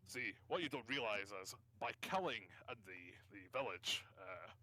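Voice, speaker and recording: A man's voice: fairly low pitch, lively intonation, normal speed, pushed and bright. A man voicing a grizzled old one-eyed man who offers the party a deal in a tabletop game. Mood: persuasive.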